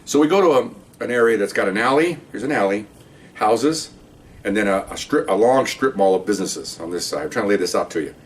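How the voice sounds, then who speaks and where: A man's voice: on the low side, animated, brisk. An older man, a retired police officer, telling a story from his career in a rambling, casual way, restarting sentences and often checking in with an "okay?". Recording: distant mic with faint background hiss.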